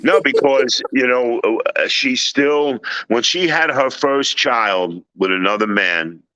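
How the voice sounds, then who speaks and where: Man, panel guest, bright dry voice, halting then loud when he acts out scenes. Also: medium pitch, clean tone, no room sound, dull audio. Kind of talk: casual storytelling.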